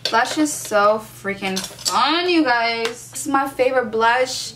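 A woman's voice: a little high, slow pace, background noise. A young woman doing a casual makeup tutorial, sassy and playfully profane, hyping herself up as she works. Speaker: beauty vlogger.

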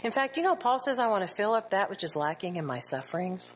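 Animated woman teaching a Bible study. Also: mid-range voice, fast talker, a little hiss or hum, poor audio. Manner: lively, rhetorical questions, acts out quotes.

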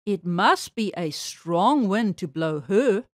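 Brief: woman reading as a gentle old rabbit gentleman, calm and kindly, lower storybook voice, dry close sound. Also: slow, dry recording.

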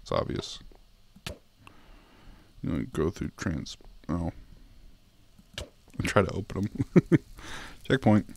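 Low-voiced young man playing a game. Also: sing-song, slow pace, creaky, long pauses, a little mellow, a little hiss or hum. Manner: laughs often, swears, pleads with the game. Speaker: gaming YouTuber. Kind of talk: let's play commentary.

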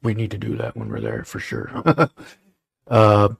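A man's voice: on the low side, wildly swooping pitch, a little slow, creaky, breathy edge. A man hosting a casual livestream show, rambling and joking with lots of fillers. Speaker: show host.

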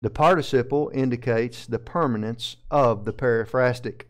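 A man with a Southern American accent gives a methodical Bible lesson from the pulpit, working through Greek grammar one term at a time. His voice is smooth and resonant, at an ordinary pitch for a man. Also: moderate pace. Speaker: pastor. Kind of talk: verse-by-verse Bible teaching.

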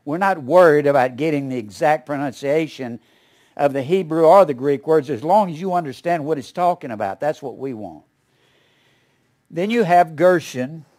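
A man's voice: fairly high pitch, a little mellow. An older man teaching a Bible study in a folksy, rambling way, with asides and small chuckles.

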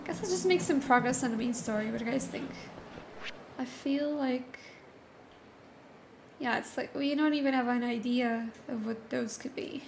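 A young woman giving chatty, excitable commentary while streaming a game, often laughing. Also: high voice, unhurried, creaky, pauses often, slight background noise. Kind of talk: casual let's-play commentary.

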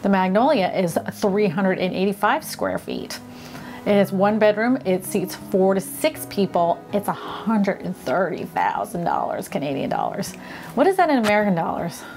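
A woman hosts a casual home-tour vlog at a mid-range pitch, gushing with delight and breaking into exclamations as she goes. Soft music plays quietly underneath. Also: big pitch swings, moderate pace. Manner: gushing, enthusiastic, exclaims often. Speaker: vlog host.

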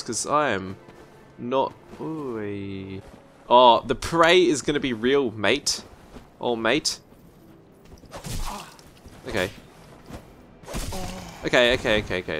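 Excitable man yelling at a game. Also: mid-range voice, measured pace, long pauses, soft background music. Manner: excitable, yelps and swears at the game. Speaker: let's-play gamer. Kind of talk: gameplay commentary.

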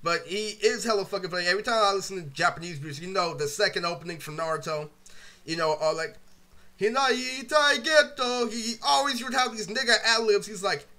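A man's voice: sits high, quick pace. A young man telling rambling, profane stories in a casual vlog rant, full of filler words and swearing. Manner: animated, breaks into laughter and quoted impressions. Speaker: vlogger.

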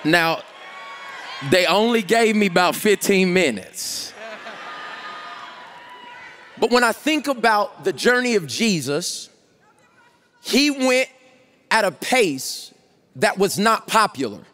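A male pastor preaching at a conference, emphatic, shouting out scripture and slowing down for key points. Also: high-pitched, big pitch swings. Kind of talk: conference sermon.

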